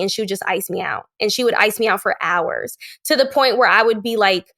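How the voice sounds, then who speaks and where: A woman who is a podcast guest, telling a candid personal story and acting out the quoted lines in a lively way. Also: mid-range voice, brisk. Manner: animated, acts out quoted lines.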